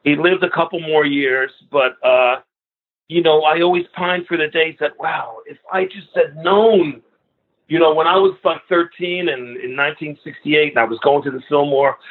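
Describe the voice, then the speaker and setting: A man in his sixties from the New York area, a guest musician telling long anecdotes and acting out the other people in them. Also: fairly high pitch. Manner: animated anecdotal storyteller who acts out other people's lines. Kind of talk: storytelling interview. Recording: phone-like narrow sound.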